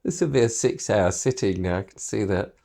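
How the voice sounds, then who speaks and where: A middle-aged British broadcaster chatting casually, telling an animated story, laughing often and acting out what people said. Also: male voice, fairly low pitch, a little fast, creaky. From Britain. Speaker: broadcaster being painted. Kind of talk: casual chat.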